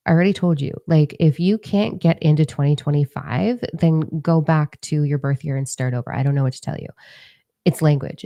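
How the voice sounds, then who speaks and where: A woman in her forties, a spiritual teacher talking casually and candidly to her followers, swearing freely and breaking into animated asides. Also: deep voice, vocal fry, no echo. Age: 40s.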